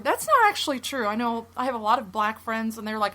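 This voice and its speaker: A woman co-hosting a casual podcast, talking in a heated, profane, opinionated way and swinging her pitch up to stress points. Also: very animated, fast, few pauses, pushed and bright. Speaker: podcast co-host.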